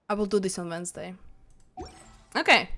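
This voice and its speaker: Giggly woman streamer chatting over gameplay. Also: medium pitch. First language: not English. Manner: chatty and giggly, bursts into excited squeals. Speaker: live streamer. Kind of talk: casual gaming stream chat. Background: faint game music.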